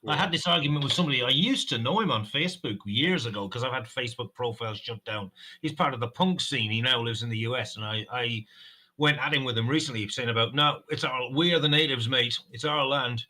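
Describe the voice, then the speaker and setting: A man's voice: medium pitch, quick pace, bright, forceful tone, rough recording. An Irish man ranting on a livestream, swearing freely and telling stories from his own life. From west of Ireland. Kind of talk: casual political chat on a livestream.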